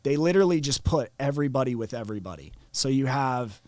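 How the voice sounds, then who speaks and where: A young man from Florida, a podcast guest telling a story in a casual, profane, animated way. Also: mid-range voice, fast, no room sound. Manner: animated, profane, acts out quotes.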